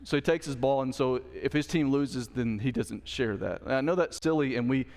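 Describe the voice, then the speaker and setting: Guy preaching a sermon, chatty asides to the crowd, mid pitch, long church echo. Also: moderate pace, gravelly, darkish tone. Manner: conversational preaching, asides to the congregation. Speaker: pastor. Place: church sanctuary.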